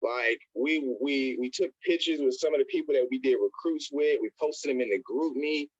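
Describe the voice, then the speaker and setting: An excitable man tells a motivational story to his team in a middle-pitched voice. He repeats words and stumbles over them as he rushes on. The sound is dull and dry, as on a call. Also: dry recording. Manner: animated, addresses listeners as y'all, repeats and stutters. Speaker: network marketing motivational speaker.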